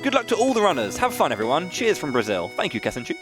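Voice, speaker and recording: A man's voice: fairly high pitch, huge pitch swings, fast talker. A man hosting a live speedrun stream, reading out donation messages in a friendly, self-mocking way. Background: game music.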